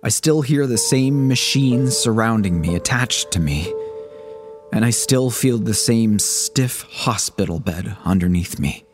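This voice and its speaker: A man's voice: fairly low pitch, animated, a little slow. A man reading a horror story aloud as a pleading first-person letter, in scripted narration. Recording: voice over a music bed. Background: music.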